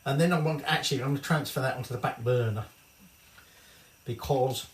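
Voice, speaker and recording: A man's voice: mid-range voice, a little fast, recorded from a distance, a little hiss or hum. A middle-aged man with a Northern English accent, chatting his way through a cooking tutorial in his home kitchen and swearing casually. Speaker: home cook. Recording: echoey kitchen from off-mic.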